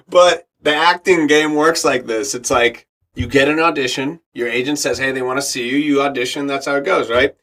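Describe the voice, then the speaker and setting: At normal speed and medium pitch, a middle-aged man, by trade an actor and radio host, tells a story on a podcast where he's a guest. His telling is animated, full of acted-out quoted voices and frequent laughs.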